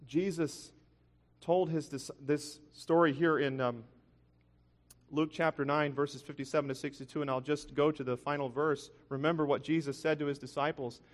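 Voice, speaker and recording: A man's voice: on the high side, normal speed. Earnest man preaching in a reverberant hall. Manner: earnest, animated storytelling with frequent restarts. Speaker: pastor. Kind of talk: sermon storytelling.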